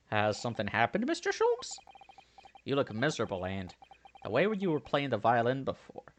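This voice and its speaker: A man voicing a cheerful, chatty young girl in a very high childlike voice while playing a game. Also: huge pitch swings, normal speed, a little hiss or hum. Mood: concerned.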